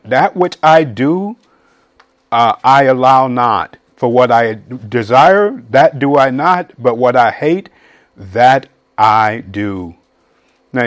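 A middle-aged man preaching a verse-by-verse sermon in a folksy manner, building to emphatic, near-shouted points. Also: on the high side. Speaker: pastor.

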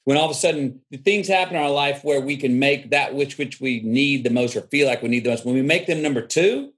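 A man's voice: mid-range voice, fairly quick, fairly bright tone. A man telling stories in an interview, reflective and drawling, acting out the people he quotes. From Texas. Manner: drawling, reflective storyteller who acts out quoted voices. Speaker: guest. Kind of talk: storytelling interview.

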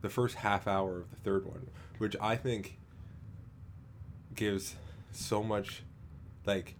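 Rambling low-voiced man chatting. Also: fairly even intonation, a little hiss or hum. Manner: rambling, halting, filler-heavy, frequent laughs. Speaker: podcast co-host. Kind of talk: casual chat.

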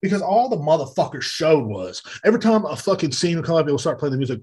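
A man hosting a podcast, ranting with loud, profane exasperation in a comedic monologue. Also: mid-range voice, very fast, few pauses, slightly rough. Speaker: podcast host. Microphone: podcast mic.

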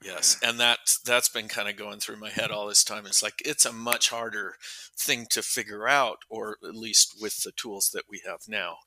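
A man's voice: lowish voice, fairly even intonation, moderate pace, pushed and bright, no room sound, low-quality recording. A man co-hosting a podcast in casual conversation, thoughtful with a dry, sarcastic streak. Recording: dry close mic.

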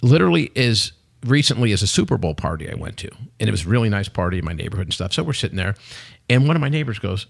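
Brief: middle-aged male podcast guest, rapid animated anecdotes, gravelly low voice. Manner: animated storyteller, acts out quotes, says "okay" a lot. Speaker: podcast guest, company CEO. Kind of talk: casual chat, animated storytelling.

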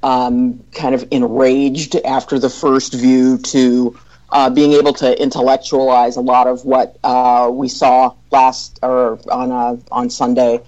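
Slow, hesitant woman weighing her opinions. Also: rumbling low, little pitch movement, warm tone, muffled recording. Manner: slow, hesitant, many ums and restarts. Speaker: podcast co-host. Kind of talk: casual discussion.

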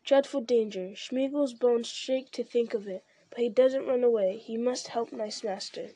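A wretched male creature, fawning and fearful, voiced by a woman narrator with a soft, wheedling hush. The tone is mellow and fairly high. The sound is close and dry. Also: moderate pace, slightly rough, dry recording. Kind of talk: audiobook character reading.

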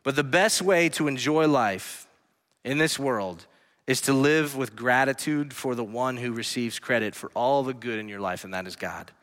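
A man pastor preaching a sermon in a church, earnestly swinging between hushed lines and emphatic ones. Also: mid-range voice, moderate pace. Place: church sanctuary. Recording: long hall reverb.

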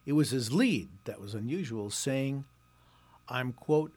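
A man in his sixties, a reporter hosting a scripted commentary show, talking in a sarcastic and wry way and mocking the pitches he reads aloud. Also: expressive, unhurried, a little mellow, breathy edge. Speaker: reporter and podcast host.

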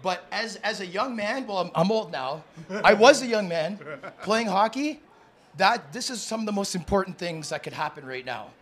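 A man's voice: high voice, normal speed. A young man hosting a live podcast taping, hyping up his guests like an announcer before settling into earnest talk. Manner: excitable, announcer-like. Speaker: podcast host. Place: sports bar studio.

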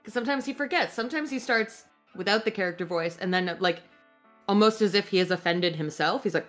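A woman's voice: medium pitch, brisk, fairly bright tone, soft background music. Laughing woman guest in casual chat. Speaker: podcast guest.

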